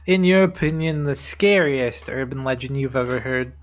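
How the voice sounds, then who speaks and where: A man's voice: mid-range voice, normal speed, muffled recording. A young man co-hosting a podcast, keeping it casual with short, dry, wry remarks. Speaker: podcast co-host.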